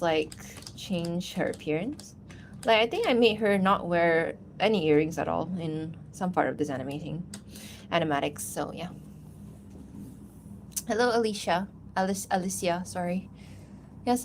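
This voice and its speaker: A woman's voice: fairly low pitch, slight background noise. A woman animator chatting casually on a livestream, rambling and giggling, with lots of fillers. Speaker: animator streaming while answering chat.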